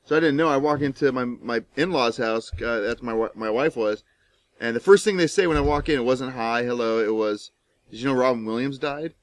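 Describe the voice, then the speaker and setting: A man's voice: mid-range voice, brisk, no echo, rough recording. A man co-hosting a podcast, talking casually in a rambling, emphatic way with frequent restarts. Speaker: podcast co-host. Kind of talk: casual chat.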